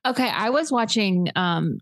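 A woman's voice: mid-range voice, expressive, moderate pace, no echo. A woman co-hosting a podcast, chatting casually and rambling with lots of hesitation. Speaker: podcast co-host. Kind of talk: casual chat.

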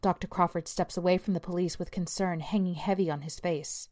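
A woman narrates a horror story in a lowish voice, measured and suspenseful. Her reading moves steadily from line to line, each beat set down with care. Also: fairly even intonation, darkish tone.

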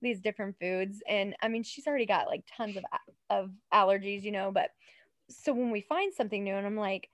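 A woman's voice: medium pitch, a little fast, no room sound. A woman in her thirties co-hosting a casual true-crime podcast, chatty and emphatic, often drifting onto tangents. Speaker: podcast co-host.

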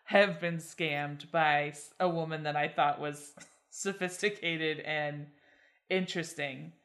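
A woman's voice: sits low, fairly even intonation, takes it slowly, a bit bright. A woman co-hosting a podcast, chatting casually, exclaiming in disbelief and making dry jokes. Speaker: podcast co-host. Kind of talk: casual chat.

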